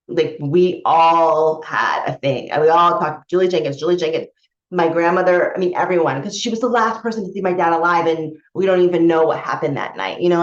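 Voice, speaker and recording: A woman who coaches people on spiritual matters tells a personal story candidly and ramblingly, restarting sentences and swearing casually. Her voice is on the low side, and the lo-fi recording sounds dull in an echoey room.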